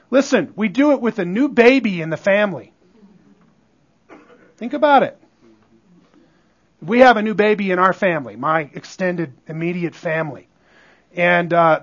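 A man preaching a sermon as pastor, in a conversational way with frequent call-outs to the congregation. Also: very high-pitched. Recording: dull lo-fi recording.

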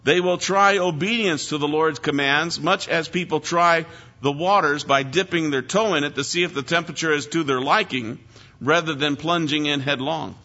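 Bright, emphatic male Bible teacher. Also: fairly high pitch, normal speed. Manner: earnest, emphatic, stresses key words. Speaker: preacher. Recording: dull lo-fi recording.

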